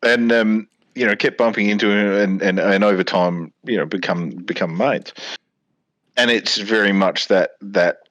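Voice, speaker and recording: Male co-host, low register, rambling storyteller, dry close sound. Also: moderate pace, a bit bright, no room sound. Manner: rambling anecdotes with laughs and acted-out quotes. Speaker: podcast co-host. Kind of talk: casual chat.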